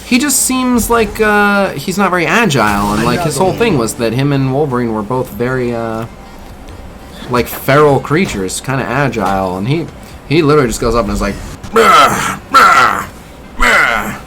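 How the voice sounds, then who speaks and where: Against a noisy background, a man with an expressive mid-range voice speaks at normal speed while streaming a mobile game. He keeps up casual chatter, criticizes a little and replies to his viewers.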